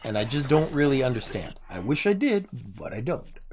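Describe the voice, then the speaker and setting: A man casually chatting with his chat during a gameplay livestream, joking and muttering to himself while he plays. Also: a little mellow. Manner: drops to low muttering when focused on the game. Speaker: streamer.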